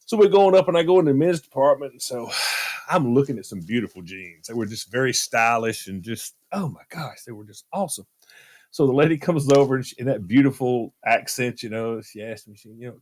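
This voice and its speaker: A man's voice: medium pitch, a little fast. A man from the United States telling a self-deprecating story on a radio talk show, laughing at himself.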